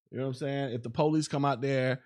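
A man talks solo into a podcast mic in a loose, rambling rant. He keeps restarting sentences and leaning on fillers. His voice sits at an ordinary middle pitch. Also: darkish tone. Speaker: podcast host. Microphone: podcast microphone.

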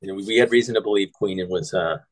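A podcast host walks through a film scene by scene in casual chat. His fairly low voice sounds dry and close to the mic. He quotes lines and swears freely as he goes. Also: very fast, no room sound, poor audio.

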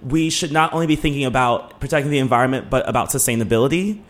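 A man co-hosting a casual podcast, excitable and chatty, quick to laugh. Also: medium pitch. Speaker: podcast co-host.

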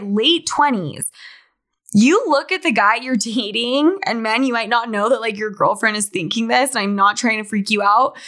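A woman's voice: on the high side, a bit bright. Candid chatty young woman podcaster. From Utah, USA. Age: 20s. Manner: candid, chatty, laughs often. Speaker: podcast host. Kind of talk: casual monologue.

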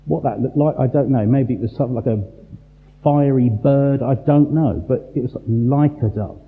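A man preaching a sermon, emphatic and full of rhetorical questions and dramatic pauses. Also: medium pitch. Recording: tinny phone-like sound in a large reverberant hall.

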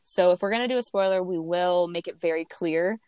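Young woman host, chatty and laughing, lowish voice, dry close sound. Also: brisk, a little mellow, clean tone, dry recording. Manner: chatty, laughs often, many restarts. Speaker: podcast co-host. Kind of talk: casual chat.

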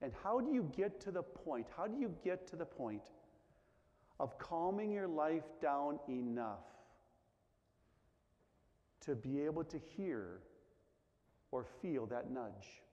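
A man preaching a sermon, asking many questions and dropping to a hush on the quiet lines. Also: a little high, expressive, slow, long pauses. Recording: dull sound with long reverb in a large hall.

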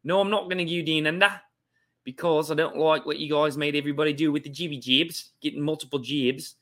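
A man's voice: on the high side, steady tone, fairly quick, fairly bright tone, lightly acted. A man putting on a playful mock Australian accent for a comedy show, mixing a British sound with a Southern drawl. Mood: joking.

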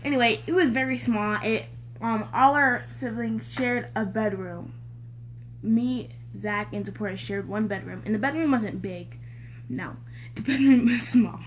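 A woman's voice: fairly high pitch, a little slow, a little hiss or hum. A young woman casually telling a family story, acting out what everyone said and laughing as she goes. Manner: animated storytelling, acts out quoted voices, laughs often. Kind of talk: casual chat.

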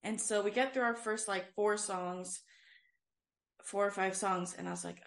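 A woman's voice: mid-range voice, steady tone, a little slow, gravelly. A young woman co-hosting a casual faith podcast, telling a personal story in an earnest, rambling way full of "like" and "um". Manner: earnest, filler-heavy storytelling with frequent "like". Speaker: podcast co-host and worship leader. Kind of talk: casual chat, personal testimony.

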